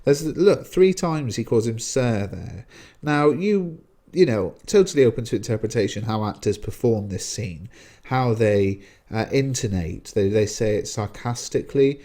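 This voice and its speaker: A man's voice: medium pitch, animated, a little slow, dark tone. A man teaching a lesson, explaining a text in a chatty way with frequent fillers.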